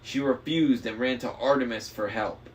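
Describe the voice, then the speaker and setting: A man voicing a smug young male traitor demigod, smooth, mocking and persuasive. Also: medium pitch, normal speed, natural voice. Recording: faint noise, slightly distant mic.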